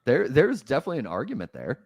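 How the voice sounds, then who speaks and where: A man co-hosting a casual film podcast, an animated storyteller who laughs often. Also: medium pitch, fast, vocal fry, husky, dry recording, studio quality. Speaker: podcast co-host. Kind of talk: casual movie review chat.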